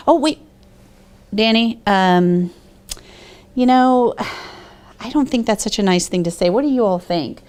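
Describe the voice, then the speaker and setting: A woman's voice: mid-range voice, animated, slow, long pauses, a little mellow. A woman hosting a children's TV show as a teacher, coaxing the kids with questions.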